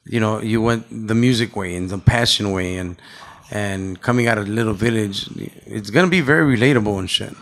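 A man's voice: lowish voice, brisk, fairly bright tone. A man co-hosting a casual podcast, talking loosely and profanely and slipping between English and Spanish, with a Chicago accent. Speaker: podcast co-host.

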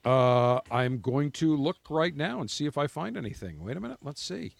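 A man's voice: a little high, animated, normal speed, vocal fry, dry recording. A man hosting a podcast in casual banter, blunt and teasing, with a mock-military swagger. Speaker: podcast host.

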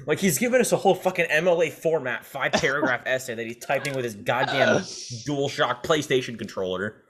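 A man's voice: mid-range voice, fairly quick, background noise. A young man co-hosting a podcast in casual chat, crude and joking, swearing often. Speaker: podcast co-host.

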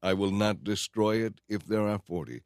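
A man voicing the Lord as a calm, measured divine judge in a storybook reading. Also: lowish voice, no echo, studio quality, lightly acted. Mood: solemn.

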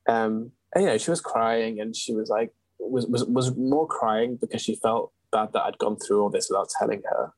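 A man's voice: medium pitch, normal speed, a little mellow, no echo, poor audio. A young man, telling a personal story as an interview guest in an earnest, candid way. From England. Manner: earnest, candid, with frequent ums and restarts.

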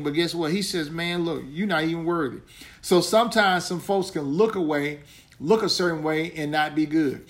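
A male pastor preaching in an easygoing, talky manner. His voice sits a little high for a man, and he circles back to repeat key lines, often stumbling over his first words before pressing on. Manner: conversational preacher, repeats points, stammering restarts. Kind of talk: sermon.

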